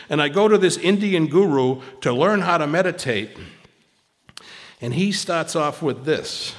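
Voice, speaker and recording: A man telling his personal recovery story to a meeting, animated and then hushed, with many restarts and repeated words. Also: on the high side. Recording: long hall reverb.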